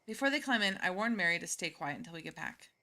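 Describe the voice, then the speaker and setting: Bright-voiced woman streaming a game. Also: lowish voice, lively intonation, quick pace. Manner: chatty, laughs at the game. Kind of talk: casual let's-play commentary and reading.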